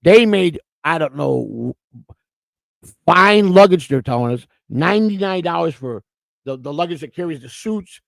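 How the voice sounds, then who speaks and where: A man chats on a casual morning livestream, spinning long stories in a gravelly, slightly high voice. He doubles back and repeats words as he goes. The sound is dry and close. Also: animated, measured pace, no room sound, low-quality recording. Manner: rambling storyteller, repeats words. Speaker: co-host.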